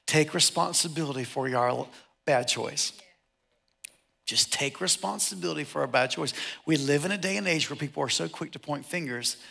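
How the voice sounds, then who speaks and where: A middle-aged male pastor preaching a sermon, animated and joking, acting out the people he quotes. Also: on the high side, gravelly. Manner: animated, jokey, acts out quotes.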